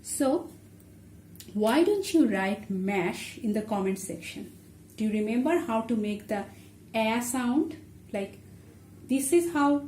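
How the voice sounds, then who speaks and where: A woman language teacher, whose first language is Bengali, teaches letters in an online lesson, slowly and patiently explaining each step as she writes. Her voice is a little high with a warm tone. The room is echoey, with faint ambience and slight background noise.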